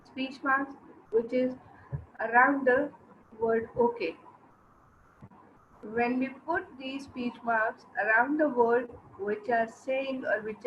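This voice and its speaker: A woman teacher giving an online English lesson to young children. She explains slowly, repeats words and asks the class questions. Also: fairly high pitch. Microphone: video lesson mic. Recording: dull lo-fi with faint noise.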